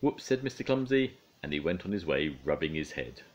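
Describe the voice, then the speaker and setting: An older man, a grandfather, reading a children's bedtime story aloud in a playful, expressive way. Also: rumbling low, a little fast, muffled recording.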